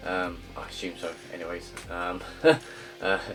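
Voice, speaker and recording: Young guy, low pitch, chatty and rambling over his game, soft guitar music under him. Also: steady tone, fairly quick. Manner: rambling, many ums and uhs, loud upbeat greetings. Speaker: gaming YouTuber. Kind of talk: casual gameplay commentary. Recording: faint guitar music behind.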